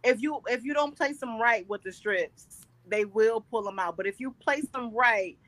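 A woman's voice: on the high side, moderate pace, fairly bright tone, dry recording. A woman hosting a casual chat, talking in a familiar way and calling her guest baby and girl.

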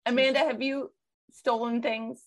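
A woman's voice: a little high, flat delivery, moderate pace. A woman hosting a casual chat with wry joking asides.

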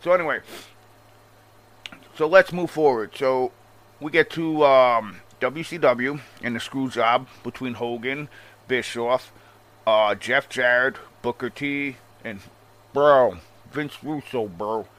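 A man ranting casually about wrestling history in a profane, animated and sarcastic manner. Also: mid-range voice, takes it slowly. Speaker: wrestling commentator. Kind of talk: casual rant.

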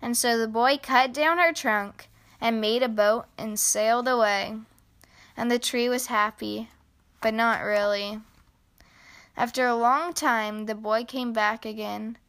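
A woman hosting a children's podcast, reading a storybook aloud in a gentle, measured way. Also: a little high, steady tone, clean tone. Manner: gentle, measured narration with a bright sign-off.

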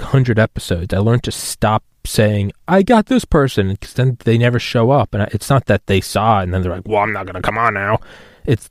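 A man's voice: lowish voice, darkish tone, dry recording, clean studio sound. A man in his thirties hosting a solo podcast, rambling and profane and mocking himself as he talks. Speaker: podcast host.

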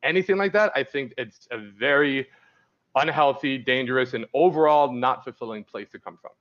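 A man's voice: mid-range voice, moderate pace, dull audio. A man, a dating coach, talking candidly as a podcast guest and rambling through stories with many restarts. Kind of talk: casual podcast interview.

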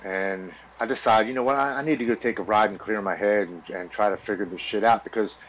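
A man's voice: fairly low pitch, steady tone, fast talker, a little hiss or hum, rough recording. Earnest, blunt man telling his story. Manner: earnest, blunt, swears freely. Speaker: podcast guest. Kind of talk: personal recovery story, casual.

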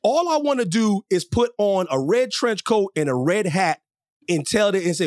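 A man's voice: sits high, lively intonation, moderate pace, dry recording, clean studio sound. A man co-hosting a podcast in casual comedic chat, riffing and joking with slang. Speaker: podcast co-host.

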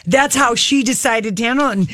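A man's voice: very high-pitched, fairly quick, bright, forceful tone, dry recording. A man co-hosting a talk show, gossiping about celebrity news in a chatty, emphatic way with many restarts. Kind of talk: casual entertainment chat.

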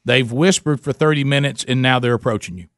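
A man's voice: mid-range voice, a little fast, fairly bright tone, dry recording, studio quality. A man co-hosting a casual talk show, asking wry, teasing questions. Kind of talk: casual chat.

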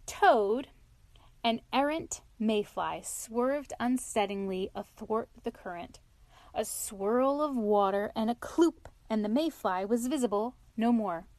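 A woman narrates a classic animal tale in a gentle, measured manner. Her voice sits fairly high. The recording is dry, close and free of room sound. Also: expressive, no echo. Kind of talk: storybook reading.

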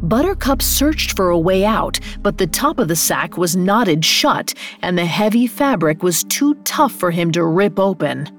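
A woman narrating a scripted fairy tale as a storyteller, expressive, rising on dramatic beats. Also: on the low side, a little slow, few pauses, faint music behind.

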